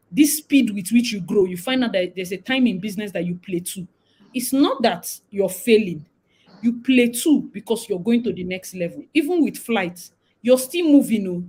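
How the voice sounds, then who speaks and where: A woman's voice: medium pitch, slightly rough, poor audio. A young woman from Nigeria with a Nigerian accent, hosting a casual livestream chat and slipping into Pidgin now and then. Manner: animated, mixing in Nigerian Pidgin. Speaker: livestream host.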